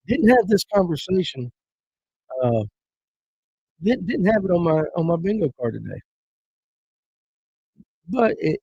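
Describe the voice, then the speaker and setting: Male livestream host, folksy joker, mellow slightly husky voice, lo-fi stream sound. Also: a little high, no echo. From Georgia. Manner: joking, rambling, folksy banter. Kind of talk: casual livestream chat reading viewer comments.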